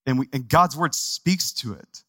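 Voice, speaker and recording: A man from Texas, a pastor preaching a sermon in a conversational, animated way, with asides to the congregation. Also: mid-range voice, measured pace, dry recording. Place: church sanctuary.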